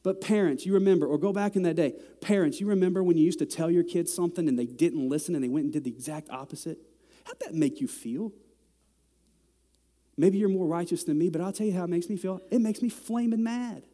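A middle-aged man preaching a sermon to a congregation, talking in a conversational way that climbs to loud, exasperated peaks. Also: high-pitched, a little fast. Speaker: pastor. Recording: long hall reverb.

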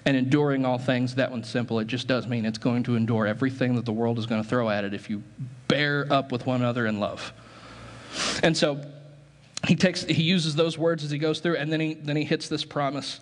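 A man's voice: medium pitch, normal speed, in a large hall. A man preaching a sermon as pastor, talking conversationally, correcting himself as he goes, and laughing at his own asides.

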